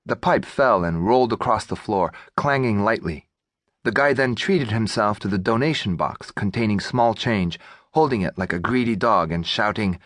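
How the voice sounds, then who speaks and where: A man narrating an audiobook in a wry, expressive storytelling manner on a studio mic. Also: lowish voice, moderate pace, no echo.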